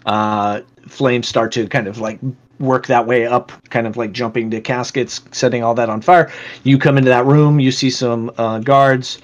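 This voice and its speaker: A man's voice: mid-range voice, steady tone, normal speed, highs cut off. A man narrating as game master of a tabletop game, loose and full of fillers.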